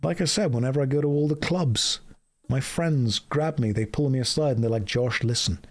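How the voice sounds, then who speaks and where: A man's voice: medium pitch, fairly quick, darkish tone. A man chatting on a casual gameplay livestream, joking and rambling as he reads game text aloud. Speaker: streamer.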